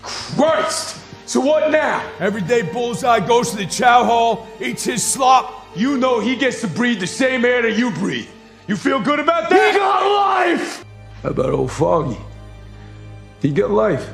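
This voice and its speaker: A volatile, grieving vigilante from a TV drama, a man with a gravelly, high-pitched voice that swings widely from low menace to shouting. He swears hard, and faint score music runs underneath. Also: big pitch swings, a little slow, reverberant, exaggerated voice. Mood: furious. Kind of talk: TV drama acting.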